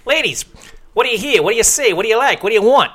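A man putting on a brash young show-off with a Chicago accent, in a teasing, loud come-on delivery. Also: very high-pitched, expressive, racing, pitched above the performer's own voice, full character voice. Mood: cocky.

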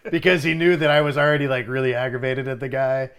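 A young adult man speaks in a casual, storytelling way. He swears freely and gets loud and animated when he acts out his own lines. His voice sits in an ordinary middle range. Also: medium pitch, fast talker, a little hiss or hum. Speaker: bartender.

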